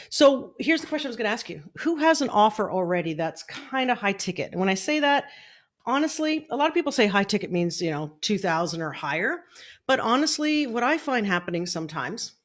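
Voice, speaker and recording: Chatty woman hosting a live stream. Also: medium pitch. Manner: chatty, upbeat, adjusts her setup while talking. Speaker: online business coach. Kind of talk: casual Facebook Live training. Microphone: desk mic, moved around during the stream.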